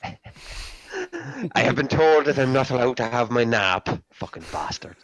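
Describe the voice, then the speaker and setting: Lively guy with sweary banter. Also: mid-range voice, slow, dry recording. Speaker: podcast co-host. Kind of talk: casual banter.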